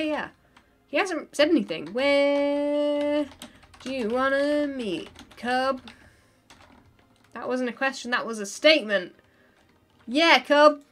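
A woman's voice: medium pitch, fairly bright tone. A woman chatting casually on a livestream while she plays, laughing often and thinking aloud.

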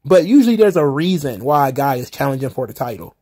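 A man's voice: medium pitch, big pitch swings, quick pace, a little mellow, breathy edge. A man hosting casual solo wrestling recap commentary, rambling and wry, often exasperated, with the odd swear.

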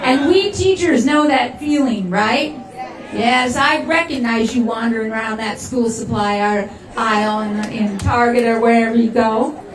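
A woman's voice: on the high side, unhurried. A woman giving an impassioned rally speech and leading the crowd in chants. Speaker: political rally speaker. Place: large rally hall with crowd. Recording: echoey hall, crowd noise, mic from a distance. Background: cheering crowd.

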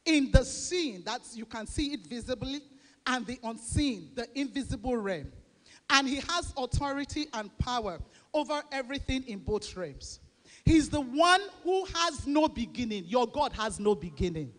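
A woman's voice: a little high, lively intonation, moderate pace. Woman preaching in a reverberant church. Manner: call-and-response preaching, often rising to shouts. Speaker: pastor. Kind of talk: sermon. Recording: long reverb of a large church hall.

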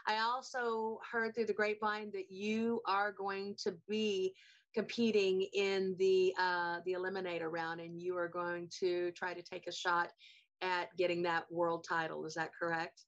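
A woman's voice: fairly low pitch, flat delivery, measured pace, lo-fi sound. A woman from Georgia, hosting a casual interview show in an effusive, chatty way. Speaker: host.

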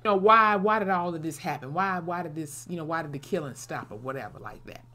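A woman's voice: deep voice, quick pace, bright, forceful tone. A woman casually recapping a TV episode, blunt and salty, with many "you know" fillers. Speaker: TV episode reviewer.

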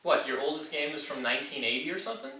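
Guy snarking his way through a vlog review, bright voice, super echoey room. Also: a little high, lively intonation, racing, far from the mic. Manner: mocking, sarcastic. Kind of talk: sarcastic comedy commentary.

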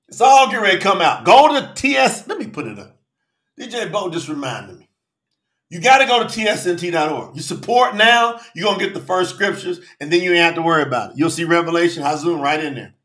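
A man preaching a fiery sermon in African American speech, shouting and calling out listeners by name. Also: sits high, expressive, quick pace, roomy sound. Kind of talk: fiery sermon on a live stream.

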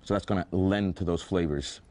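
A man on a TV news segment, explaining his dishes in a quick, upbeat way. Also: sits low, a little mellow. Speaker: guest chef. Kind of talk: on-air cooking segment. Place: TV news studio.

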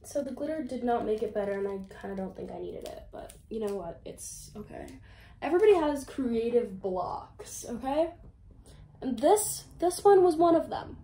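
A woman's voice: a little high, animated, normal speed, warm tone. A young woman chatting casually in a home vlog, rambling and poking fun at herself. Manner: chatty, self-mocking, rambling. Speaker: YouTuber.

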